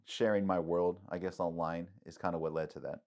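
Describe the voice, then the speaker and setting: A middle-aged man with a very deep, low voice telling a story on a podcast. He talks casually with plenty of "like" fillers. He acts out the people in his story animatedly, leaping up in pitch for their lines. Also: a little fast. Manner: animated, acts out quotes with big pitch jumps, many "like" fillers.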